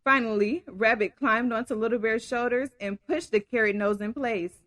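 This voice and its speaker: Brief: expressive woman reading aloud to kids, dry studio-close sound. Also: a little high, moderate pace, no echo. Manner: warm, expressive, addresses kids directly. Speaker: storyteller. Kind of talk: reading a picture book aloud to children.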